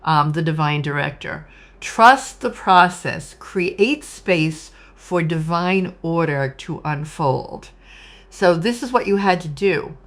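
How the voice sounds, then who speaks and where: A woman's voice: lowish voice, lively intonation, slow pace. A woman giving a casual, emotional tarot reading, gushing and talking straight to her viewers. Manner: warm, gushing, emotional, addresses viewers as "you guys". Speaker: tarot reader.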